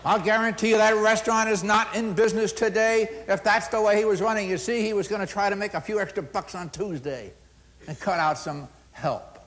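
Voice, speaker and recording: A middle-aged man giving a storytelling talk on customer service, acting out dialogue and swinging from loud to hushed. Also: sits high, steady tone, a little fast. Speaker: motivational speaker on customer service.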